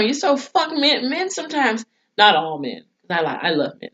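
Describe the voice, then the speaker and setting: A woman's voice: a little high, big pitch swings, normal speed, fairly bright tone, husky. A woman reviewing a TV episode in a casual vlog, ranting heatedly with profanity and sarcastic asides. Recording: dull lo-fi sound.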